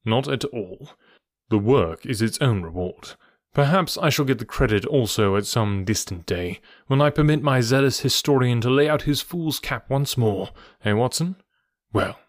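Brief: man voicing a poised, witty detective, mid-pitched, dry close recording. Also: expressive, no echo, natural voice. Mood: amused. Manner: measured, dryly amused, composed. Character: calm, theatrical, clever detective man.

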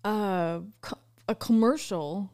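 A woman's voice: mid-range voice, slow pace, a little mellow. A woman co-hosting a podcast in casual chat, giggly and self-deprecating. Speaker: podcast co-host.

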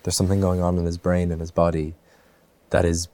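Irish actor guy, deep mellow voice, stops and restarts a lot while thinking. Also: completely flat delivery, brisk, no echo. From Ireland. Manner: thoughtful, many restarts and fillers. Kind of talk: interview answers.

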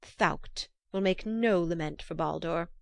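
A woman voicing an evil old hag who turns into a crow, speaking slowly, grimly and low. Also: vocal fry, no echo, clean studio sound. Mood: spiteful. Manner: slow, grim and low. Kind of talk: storybook reading.

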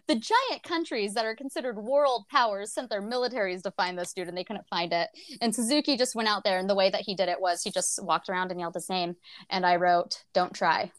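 A woman's voice: medium pitch, dry recording. A woman co-hosting a podcast in a casual book chat, laughing often and swearing freely. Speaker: podcast co-host.

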